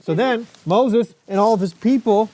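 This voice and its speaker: A man telling a story to a child with toys, chatty and animated, full of asides. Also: high voice, moderate pace. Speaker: storyteller uncle.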